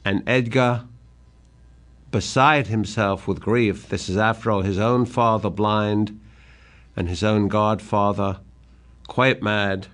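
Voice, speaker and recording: A man giving a literary lecture in a deliberate manner that swells with drama whenever he quotes verse. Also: lowish voice, fairly even intonation, a bit bright. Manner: deliberate, rising dramatically when quoting verse.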